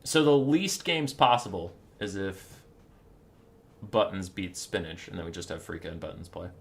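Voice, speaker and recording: A man hosting a game tournament, giving live commentary in an excitable way, laughing and swearing. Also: sits low, moderate pace, vocal fry. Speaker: tournament host and caster.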